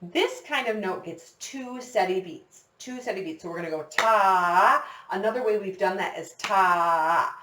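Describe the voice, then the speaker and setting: In a whiteboard classroom, a female teacher gives children a recorder lesson, counting them in with patience and encouragement. She speaks a little slowly in a medium pitch, and the distant-mic recording is echoey with a noisy background.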